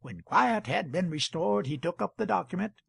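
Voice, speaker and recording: A man narrating an audiobook in a measured storytelling manner. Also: sits high, animated, creaky, a bit bright, husky, dry recording. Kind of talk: audiobook reading.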